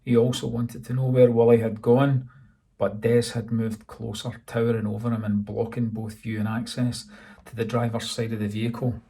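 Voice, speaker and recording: Scottish guy reading his own novel, gravelly, dark tone, pretty flat delivery. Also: medium pitch, normal speed. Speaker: author narrating his novel. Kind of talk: audiobook narration.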